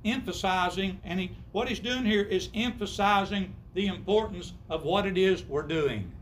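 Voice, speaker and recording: Male preacher, high-pitched, emphatic sermon delivery with rhetorical questions. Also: normal speed, a little hiss or hum. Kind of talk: sermon to a congregation.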